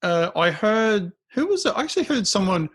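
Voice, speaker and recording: Upbeat teasing podcast host. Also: male voice, high-pitched, sing-song, a bit bright, slightly rough. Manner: friendly, teasing, quick to laugh. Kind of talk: casual podcast chat.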